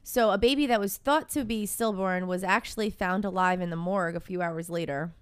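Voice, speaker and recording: Woman host, casual news chat, clear smooth tone, dry close mic. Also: medium pitch, fairly quick, no echo. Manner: reads stories, then banters.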